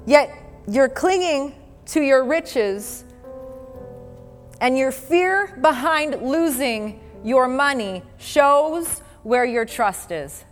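Slow-preaching woman in a reverberant hall. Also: high-pitched, lively intonation. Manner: earnest, conversational preaching with laughs and quoted scripture. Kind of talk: sermon. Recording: long hall reverb with faint music.

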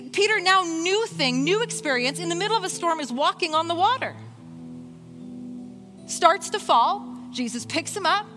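A woman preaching a sermon in an animated way, voicing Bible figures in short quoted lines. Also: very high voice. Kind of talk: sermon with worship music.

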